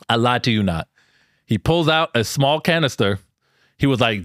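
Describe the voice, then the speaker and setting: A man telling a true story as a stand-up comedian, animated and incredulous, with quick repeated restarts. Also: on the high side, dry recording, studio quality.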